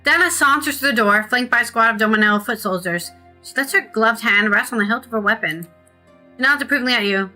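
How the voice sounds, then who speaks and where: A woman's voice: medium pitch, fairly quick, sharp tone, soft background music. A woman streaming a video game, chatting casually and reading the game's text aloud. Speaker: gaming streamer.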